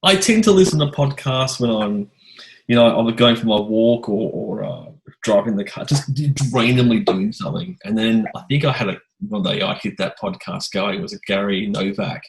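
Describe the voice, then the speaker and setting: A man hosting a podcast, telling a rambling, animated anecdote in casual chat. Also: lowish voice, normal speed, poor audio. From Australia. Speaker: podcast host.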